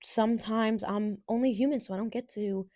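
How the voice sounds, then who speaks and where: Young woman podcaster talking earnest and a bit halting, dry close mic. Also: on the high side, fairly even intonation, mellow, no room sound. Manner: earnest, halting, many fillers and restarts. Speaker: podcast host. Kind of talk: personal storytelling to camera.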